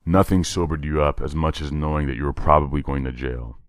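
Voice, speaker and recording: A man reading a horror story aloud with a measured, dramatic delivery. His voice is exceptionally deep, and the recording is dry and close with no room sound. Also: no echo. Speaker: narrator. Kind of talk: scripted horror story narration.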